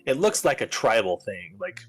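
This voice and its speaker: A man narrating a tabletop game as game master in a loose, rambling way, with plenty of fillers. His pitch sits in an ordinary middle range. Faint music plays underneath. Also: very animated, normal speed, slightly rough. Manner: casual, rambling, full of fillers.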